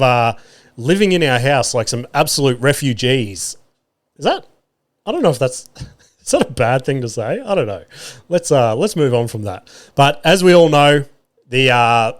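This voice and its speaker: Australian man ranting, exaggerated. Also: mid-range voice. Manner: fillers and restarts, addresses listeners directly. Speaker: podcast host. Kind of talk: comedic podcast storytelling.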